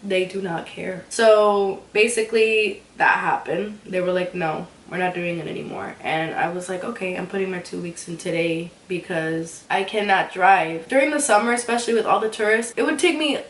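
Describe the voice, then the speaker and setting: A young woman telling a casual storytime vlog, animated and ranting, often laughing. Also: medium pitch, moderate pace, few pauses, far from the mic. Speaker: vlogger. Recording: echoey room, voice a bit off-mic.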